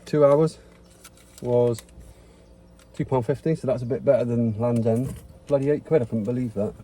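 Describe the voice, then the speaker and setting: A man vlogging casually outdoors at the beach, chatting in a relaxed way and swearing freely as he talks to a handheld phone. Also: mid-range voice, moderate pace. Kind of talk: casual vlog narration.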